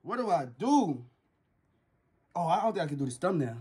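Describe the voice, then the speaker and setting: A man's voice: a little high, big pitch swings, normal speed, darkish tone, husky. A nervous young man vlogging casually, insisting he isn't scared and yelping now and then. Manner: jittery, keeps insisting he isn't scared, yelps.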